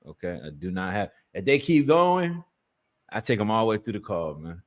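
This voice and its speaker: A man's voice: fairly low pitch, sing-song, moderate pace. Laid-back man chatting on a livestream. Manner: laid-back, laughs often, talks to chat. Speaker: livestream host making sales calls. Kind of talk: casual livestream chat.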